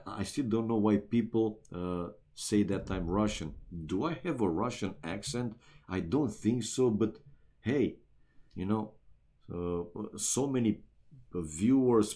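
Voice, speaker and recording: A man's voice: lowish voice, mellow. Romanian man casting a strategy game. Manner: chatty, talks straight to chat viewers, many "uh" and "man". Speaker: esports caster. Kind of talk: live game commentary.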